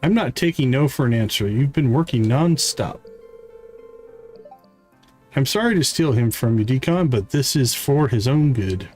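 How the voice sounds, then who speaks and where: A man playing a loud, teasing young brother. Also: medium pitch, expressive, moderate pace, pauses often, soft background music, close to an everyday voice. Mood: pushy. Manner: brash, teasing.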